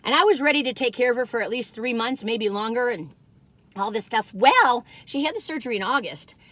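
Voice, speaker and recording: A woman's voice: fairly high pitch, expressive, a little fast, fairly bright tone, dry recording. An older woman, chatting casually and rambling to viewers while reviewing food in her car.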